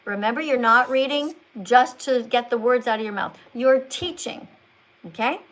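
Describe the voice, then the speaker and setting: High-voiced woman coaching like a teacher. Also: normal speed, a bit bright, poor audio. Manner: teacherly, coaxing, talks as if to a child. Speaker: livestream host. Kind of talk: livestream chat, coaching a caller to read.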